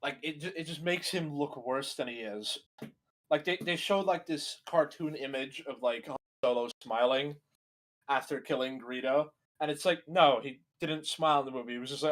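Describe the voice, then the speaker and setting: A young co-host with a slightly fast, somewhat bright voice on the high side gives casual reaction commentary on a video. He rambles, swears and fills gaps with filler words.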